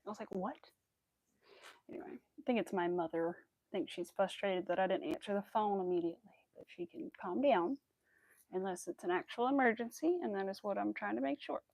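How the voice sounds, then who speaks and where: A woman's voice: medium pitch, a little fast, gravelly, a little mellow, dry recording. A young woman chatting casually and rambling with fillers while she crochets on a livestream. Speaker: crochet streamer.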